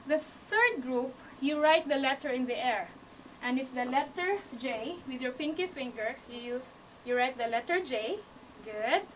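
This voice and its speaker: A high-pitched woman with a Hawaii accent gives an encouraging classroom speech, talking her listeners through each step. She is picked up by a camera across the room, set somewhat back from the mic, with a faint hiss underneath. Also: animated, unhurried, a bit bright, far from the mic, rough recording. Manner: non-native phrasing, small grammar slips. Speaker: student speaker teaching sign language basics. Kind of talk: classroom speech to a small audience. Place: university media room. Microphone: camcorder from across the room.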